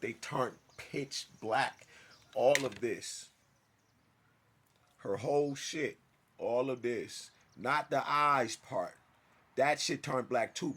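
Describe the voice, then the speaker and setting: A man telling a personal story in a casual monologue, emphatic and swinging from loud outbursts to hushed asides. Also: mid-range voice, slightly rough. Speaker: storyteller vlogger.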